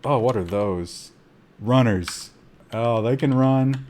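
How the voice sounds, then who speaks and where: A man streaming a survival game, giving live commentary with excitable gasps between calm asides and talking to his chat. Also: medium pitch, slow. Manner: talks to chat.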